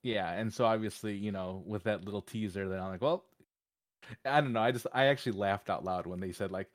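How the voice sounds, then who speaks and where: A man with a low voice co-hosts a casual fan podcast, joking and laughing often. His voice sounds close and dry, with no room around it. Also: a little fast, no room sound. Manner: jokey, laughs a lot. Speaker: podcast co-host.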